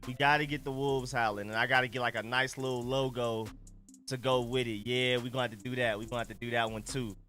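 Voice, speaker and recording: A man's voice: medium pitch, steady tone, fast, sharp tone. A man hosting a casual live stream, chatting in a laid-back, slangy way while he adjusts his settings. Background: faint music.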